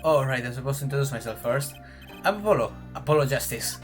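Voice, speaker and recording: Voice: mid-range voice, lively intonation, fast talker, faint music behind, natural voice. A streamer voicing an earnest, flustered young male defense attorney, eager and a bit awkward, in a game reading. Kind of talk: let's play character reading.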